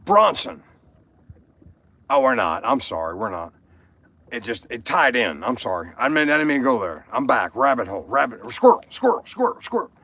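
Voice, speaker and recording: A man hosts a casual livestream, rambling from topic to topic, reading viewer comments aloud and addressing people by name. His mid-range voice is creaky and bright, forceful and slightly rough.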